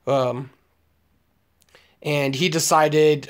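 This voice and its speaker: A man's voice: on the high side, fairly even intonation, unhurried. Profane rambling young man. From Omaha, Nebraska, United States. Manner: rambling, profane storytelling with frequent fillers and laughs. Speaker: streamer chatting with viewers. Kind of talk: casual live-stream chat.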